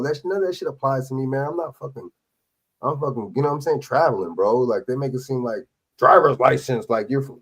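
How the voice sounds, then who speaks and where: A man hosting a live stream, reacting to police videos with loud, profane, sarcastic commentary. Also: mid-range voice, husky. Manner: loud, sarcastic, laughing, swearing often.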